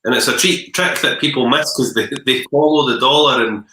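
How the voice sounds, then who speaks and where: A Scottish man hosts a relaxed conversation in a bright, forward voice, friendly and agreeable as he trades stories with his guest. The sound has a roomy echo. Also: mid-range voice, a little fast, a little hiss or hum. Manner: friendly, agreeable, shares anecdotes. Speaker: podcast host. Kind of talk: casual conversational interview.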